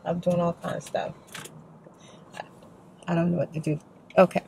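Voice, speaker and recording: Soft-spoken vlogger: worn-out Texan woman, middle-aged, gravelly and husky, rambling and emotional. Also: on the low side, little pitch movement, moderate pace. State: exhausted. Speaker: ASMR vlogger. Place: parked car.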